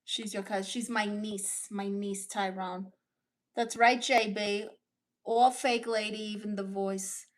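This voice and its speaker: A woman hosting a comedic livestream as a sassy aunt, brashly teasing her chat with quick comebacks. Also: mid-range voice, steady tone. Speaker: livestream host reading chat.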